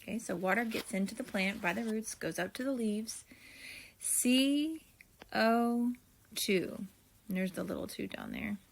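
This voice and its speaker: A woman teacher at an average pitch goes through her notes for a video lesson. She talks slowly and deliberately and thinks aloud as she writes. She speaks to her students in a friendly way. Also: creaky, slight background noise. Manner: slow, deliberate, thinking aloud while writing; friendly, addresses students directly.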